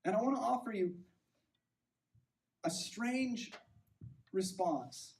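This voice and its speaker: A man's voice: high-pitched, takes it slowly, gravelly, a little mellow, far from the mic, rough recording. A man preaching a sermon as pastor, conversational and self-deprecating, often checking in with "right?".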